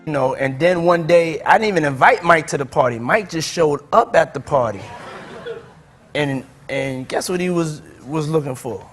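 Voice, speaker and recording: A man telling a funny anecdote in a talk interview, animated and laughing often. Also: a little high, normal speed, faint music behind.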